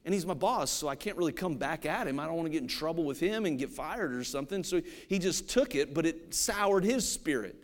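Animated high-voiced male preacher. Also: brisk, few pauses. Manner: animated preaching with quoted asides and storytelling. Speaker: pastor. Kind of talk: sermon.

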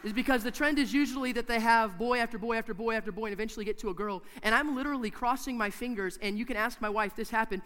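A man preaching a sermon in a church, emphatic and repetitive, swinging from hushed to loud. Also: very high voice, fast talker, hardly any pauses, clean tone, long reverb tail.

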